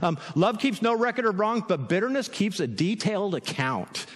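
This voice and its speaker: A man delivers a sermon with a high, lively voice that swings up and down. He talks like he's chatting with his congregation, and a long reverb trails his words through the room. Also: normal speed. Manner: conversational, animated, asks "right?" often, with laughs. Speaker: pastor.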